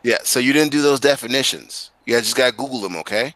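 A man's voice: medium pitch, fast talker, a bit bright, no echo. A male teacher guiding students through an online class on a video call, talking casually but directly and firmly.

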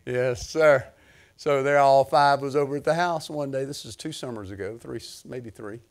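An older man, preaching a sermon through a lively personal story, swinging from low murmurs to loud excited bursts. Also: normal speed. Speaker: pastor.

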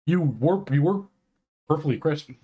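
A man co-hosting a casual online chat, ranting excitedly with many restarts and quick turns. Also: fairly high pitch, husky. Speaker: podcast co-host.

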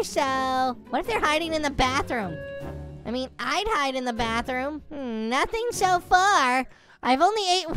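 A woman hosting a gaming channel, giving chatty, excitable gameplay commentary. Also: high-pitched. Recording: game music playing underneath.

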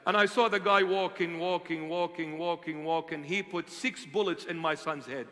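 Passionate bishop, a man with a high, bright, cutting voice, preaching from hushed to loud in a reverberant hall. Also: normal speed, hardly any pauses. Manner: impassioned, swings from hushed to loud. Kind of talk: sermon storytelling.

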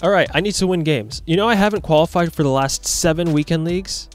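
A young man giving casual, excitable commentary over his own football video game match, reacting loudly to the plays. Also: fairly high pitch, fast talker, faint music behind. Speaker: gaming YouTuber.

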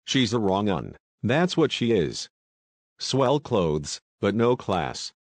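A man's voice: on the low side, sing-song, slow, no echo, exaggerated voice. A man reading the lines of a young housemaid in a storybook, blunt and complaining as she gossips.

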